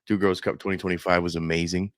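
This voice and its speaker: A man's voice: low voice, flat delivery, fast talker, dry recording, studio quality. A man appearing as a guest on a podcast, chatting in a laid-back, casual and profane way. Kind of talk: casual chat.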